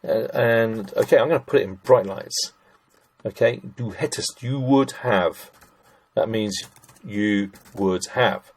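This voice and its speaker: A man's voice: lowish voice, takes it slowly. A middle-aged man teaching German grammar, chatty and thinking aloud as he works through sentences, addressing listeners as ladies and gents. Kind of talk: screen-recorded grammar lesson.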